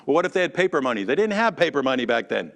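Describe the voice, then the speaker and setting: A man teaching a Sunday school class in a church, chatty and animated, calling on class members by name. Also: mid-range voice, very fast, vocal fry. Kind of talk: conversational sermon.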